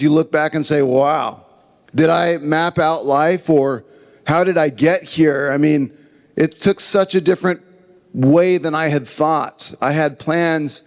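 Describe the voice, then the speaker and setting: Earnest pastor, man with higher voice. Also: big-room sound. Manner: earnest, conversational preaching with told jokes. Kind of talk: sermon. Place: church building.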